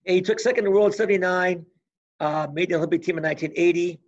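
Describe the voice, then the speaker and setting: A man in his sixties, a former college wrestler, telling animated stories as an interview guest and acting out old conversations. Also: high voice, racing. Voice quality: gravelly, husky. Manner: animated storyteller who acts out past conversations. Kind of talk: casual storytelling interview. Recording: dull lo-fi recording.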